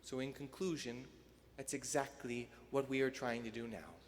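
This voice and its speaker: A man, a priest, giving a sermon in a rhetorical, emphatic style that swells to loud peaks and then drops soft. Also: mid-range voice, fairly even intonation, moderate pace, slight background noise. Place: church. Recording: long church reverb.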